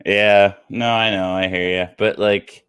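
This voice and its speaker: A man's voice: fairly low pitch, little pitch movement, unhurried, a bit bright, clean tone, dry recording. A man chatting as a guest co-host, talking in a laid-back, easygoing way and laughing often. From Canada. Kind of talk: casual chat.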